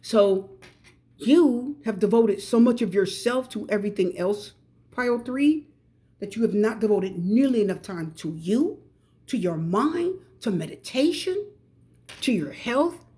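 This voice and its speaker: A woman's voice: medium pitch, lively intonation, measured pace, mellow. Chatty woman giving a tarot reading. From United States. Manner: chatty, emphatic, repeats advice directly to viewers. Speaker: tarot reader. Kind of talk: pick-a-card tarot reading.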